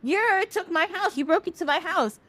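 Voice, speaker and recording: A woman's voice: mid-range voice, animated, fairly quick, a bit bright, dry recording, close to an everyday voice. A woman voicing the moon as a gloomy, plaintive female character. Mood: sulky. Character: gloomy female moon, sulky then apologetic.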